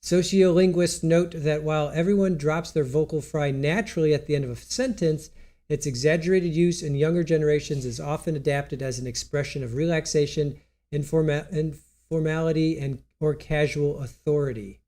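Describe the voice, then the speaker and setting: A man hosts a live stream in loose, rambling chat, with a stuffy nose. His voice sits fairly high but sounds dark and mellow, and he laughs easily while he stumbles through text he reads aloud. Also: steady tone, moderate pace.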